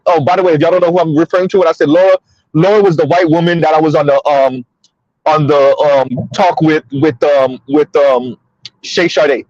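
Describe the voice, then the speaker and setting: A man's voice: fairly high pitch, fairly quick, darkish tone, dry recording, dull audio. A man hosting a casual commentary monologue from his car, emphatic and repetitive, talking straight to listeners. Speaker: commentary host. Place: in a car on the road.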